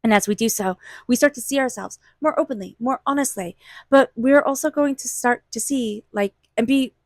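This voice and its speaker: A woman's voice: a little high, moderate pace, no room sound. A woman giving a casual tarot reading to her viewers, gushing and talking loosely with lots of "you know" and "like.". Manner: gushing, lots of "you know" and "like", slips into playful voices for quotes. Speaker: tarot reader. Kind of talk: intuitive tarot reading vlog.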